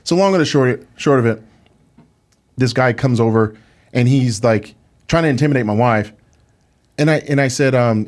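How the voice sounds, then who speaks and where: A man's voice: medium pitch, moderate pace, long pauses. A man who is a guest on a podcast, telling a story in a casual, indignant way and using a lot of filler words like "like" and "dude". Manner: animated, indignant retelling with many "like"s and "dude"s. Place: podcast studio.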